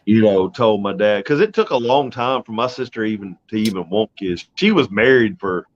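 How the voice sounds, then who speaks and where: A man's voice: fairly low pitch, normal speed, slight background noise. Middle-aged man rambling on lo-fi audio. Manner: rambling, profane, emotional retelling. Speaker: podcast host. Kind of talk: casual storytelling chat. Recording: dull lo-fi audio.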